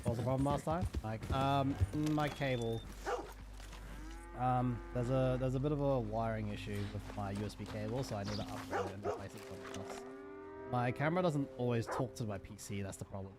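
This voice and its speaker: A young man streaming a game from his room, chatting in a flat, monotone way and restarting his sentences, with the mic pressed close to his mouth. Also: mid-range voice, fairly quick, music in the background. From Australia. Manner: self-described monotone, rambling with many restarts. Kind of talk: casual live-stream chat. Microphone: desk mic held very close to the mouth. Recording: noisy stream audio with game sounds.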